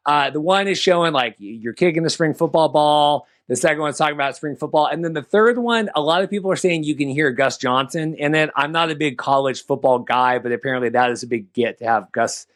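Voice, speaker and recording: A man hosting a podcast, chatting casually, excitable and rambling with lots of restarts. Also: a little high, brisk, few pauses. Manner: excitable, rambling, repeats himself. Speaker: podcast host.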